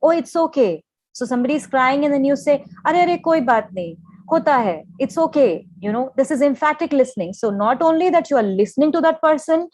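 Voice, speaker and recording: A woman's voice: high voice, darkish tone, no room sound. A woman gives a lecture in an explanatory way, mixing in Hindi phrases and often checking with "okay?". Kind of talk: lecture on listening skills.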